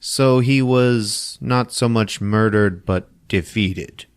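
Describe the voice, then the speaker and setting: A man hosting a podcast, recapping a film plot in a casual, profane, animated storytelling way on a close mic. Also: fairly low pitch, slow pace, clear, resonant tone, no room sound. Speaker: podcast host.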